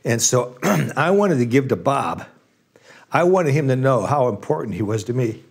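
A man telling a faith story in casual conversation, earnest and halting, getting emotional as he speaks. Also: mid-range voice, expressive, husky. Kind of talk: casual testimony.

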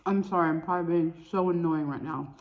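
A woman's voice: on the low side, steady tone, fast talker, darkish tone. A young woman eating on camera in a casual vlog, chatty and gushing, with slangy asides. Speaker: mukbang eating vlogger.

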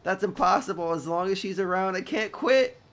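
Brief: a frightened teenage schoolgirl read aloud in a man's raised voice, high and pleading, for a game playthrough. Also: fairly quick, a bit bright, a little hiss or hum. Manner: reads subtitles aloud in a raised girlish voice.

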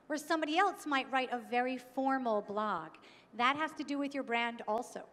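A woman's voice: sits high, moderate pace, a bit bright. A woman from New York giving a conference keynote talk, engaging and often putting questions to the audience. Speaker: keynote speaker. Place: conference hall. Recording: long hall reverb.

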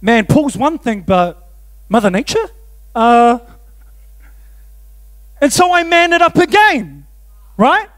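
A man, preaching a sermon in an animated, self-mocking way and often laughing. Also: very high-pitched, slow, pauses often. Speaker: pastor. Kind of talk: storytelling sermon.

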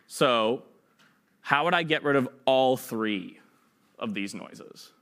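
A man's voice: mid-range voice, lively intonation, slow pace, bright, forceful tone. A young man giving an informal classroom lecture, chatty and fond of playful analogies, often checking in with "right?". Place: lecture room.

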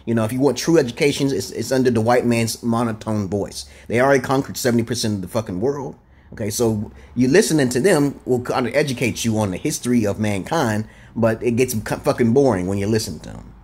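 A man vlogging a rambling, profane monologue, tagging lines with "okay?" and jumping up in pitch for emphasis. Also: fast, breathy edge. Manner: animated, jumps up in pitch for emphasis. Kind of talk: casual ranting monologue.

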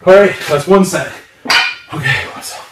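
A man's voice: fairly high pitch, very animated, moderate pace, echoey room, distant mic, noisy background. A man filming his own workout vlog, counting reps and urging viewers on while out of breath. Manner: encouraging, counts reps with strained exhales. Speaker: fitness vlogger. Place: home gym.

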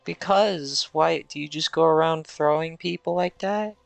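A slow-talking, gravelly voice drops dry deadpan questions into a group chat. Faint music hums in the background. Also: medium pitch, no room sound. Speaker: streamer guest. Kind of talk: casual group chat while gaming.

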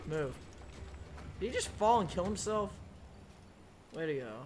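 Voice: medium pitch, sing-song, unhurried. A game streamer giving live commentary, often exasperated and scolding a pet between plays.

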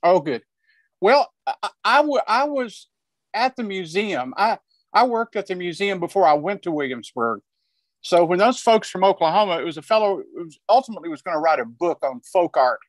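Older man, high-pitched, dry close sound, rambling panel storyteller on a video call. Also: no room sound. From Arkansas. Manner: rambling, restarts often, chuckles while telling. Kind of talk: conversational storytelling.

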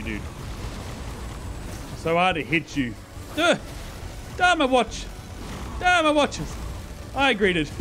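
A young man streaming a video game, chatting casually and excitably, swearing and laughing as he plays. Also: high-pitched, slight background noise. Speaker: gaming streamer. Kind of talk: live gameplay commentary.

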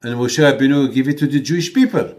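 A man voicing God as a patient, authoritative figure who speaks in calm, lower declarations. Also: fast talker, close to an everyday voice.

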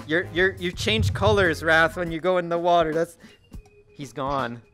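A man chatting excitedly while playing a social VR game, often laughing and shouting in alarm. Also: fairly high pitch, unhurried, faint music behind. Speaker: VRChat player and video host. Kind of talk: excitable gaming chat.

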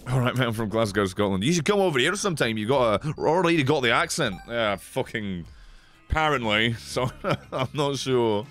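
A British man streaming a game live, swearing freely, excitable, and effusively thanking his viewers. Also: mid-range voice, normal speed, soft background music. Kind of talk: live gaming stream commentary.

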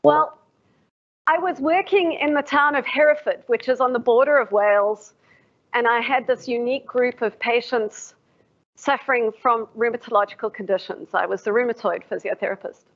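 Woman lecturer, reflective, poses questions to the room; slightly high voice, muffled livestream sound. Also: normal speed. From South Africa. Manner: reflective, asks the audience questions. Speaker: professor giving a lecture. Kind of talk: formal public lecture. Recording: dull lo-fi livestream audio.

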